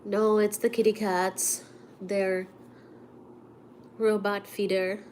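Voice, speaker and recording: A woman's voice: medium pitch, takes it slowly, slight background noise. A woman with a cold telling a story in casual chat, chatty and indignant, acting out the people in it. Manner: chatty storyteller, animated and indignant, acts out quotes. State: sick with a cold, coughing. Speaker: vlogger. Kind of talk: casual chat to a live audience.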